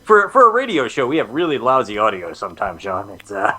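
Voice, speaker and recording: A man's voice: lowish voice, huge pitch swings, brisk, bright, forceful tone, breathy edge. Joking, rambling male co-host. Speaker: radio show co-host. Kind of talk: casual radio banter.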